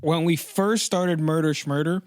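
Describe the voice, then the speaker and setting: A man co-hosting a comedic podcast, chatty and jokey, with quick asides. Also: fairly high pitch, fairly even intonation, darkish tone, dry recording, clean studio sound. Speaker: podcast co-host. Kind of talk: casual comedic podcast chat.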